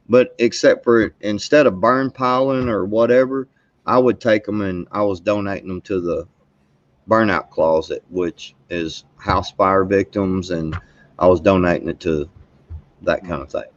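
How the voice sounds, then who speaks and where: A man's voice: fairly low pitch, no room sound, lo-fi sound. A man telling a rambling, profane story in casual livestream chat, chuckling as he goes. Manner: rambling storyteller, profane, laughs while talking. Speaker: guest caller on a live stream.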